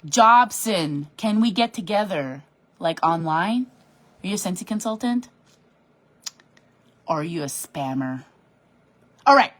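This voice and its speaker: Speaking from her home office desk, a woman who leads a direct sales team delivers a bubbly, animated live-stream pep talk while responding to comments she reads. Her voice is lowish and a little slow, with frequent pauses.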